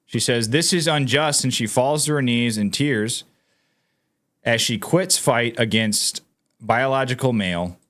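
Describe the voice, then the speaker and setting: A man's voice: medium pitch, a little slow, a bit bright. A man hosting his own commentary channel. He talks casually and emphatically to viewers, reads news items aloud and sounds incredulous. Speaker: political commentary channel host.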